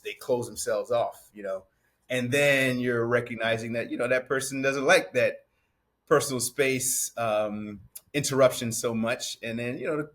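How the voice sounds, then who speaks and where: A man, a barber turned business owner, telling a story in a relaxed, conversational way during an interview, slipping into the voices of people he quotes. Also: mid-range voice.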